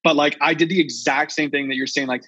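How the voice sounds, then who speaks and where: A man's voice: on the high side, fairly even intonation, fast, bright, forceful tone, slightly rough, dry recording. Rambling man on a dull lo-fi line. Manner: rambling, full of filler likes, loses his thread. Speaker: podcast guest, music producer. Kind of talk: casual podcast chat. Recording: dull dry lo-fi sound.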